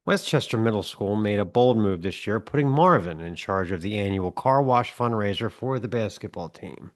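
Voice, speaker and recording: A man co-hosting a comedy podcast, telling wry stories and acting out yelling dads. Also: fairly low pitch, animated, moderate pace. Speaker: podcast co-host.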